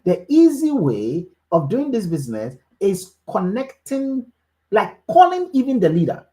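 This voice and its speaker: A woman's voice: medium pitch, big pitch swings, unhurried, warm tone. A woman, leading a network marketing group call with a preachy motivational speech that repeats key phrases for emphasis. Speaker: network marketing team leader.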